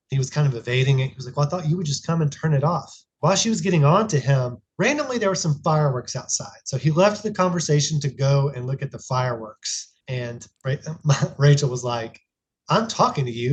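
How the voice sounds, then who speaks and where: Man, thirties, podcast guest, earnest reflective storytelling, middle-pitched voice. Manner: earnest, reflective, frequent restarts. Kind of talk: casual conversational storytelling.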